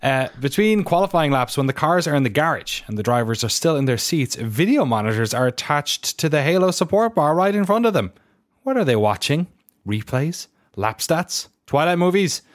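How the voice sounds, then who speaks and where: A man's voice: fairly high pitch, very animated, moderate pace, no echo, studio quality. A man with an Irish accent hosting a casual podcast chat, rambling and correcting himself as he explains things. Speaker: podcast host.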